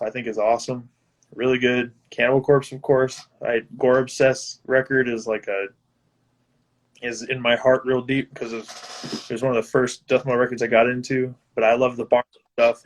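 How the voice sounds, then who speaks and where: A man, a guitarist guest, talking casually on a video call, laid-back, laughing often and swearing now and then. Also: medium pitch. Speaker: guest musician. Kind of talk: casual chat over live video.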